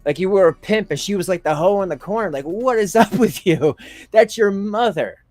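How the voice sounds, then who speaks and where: A man reacts to a video on his stream, rambling through sarcastic jokes and chuckling at his own remarks. His voice is dry and close to the mic, with soft music playing behind him. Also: high voice, lively intonation, moderate pace, no echo. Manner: sarcastic, laughing, rambling asides. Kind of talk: mocking reaction commentary.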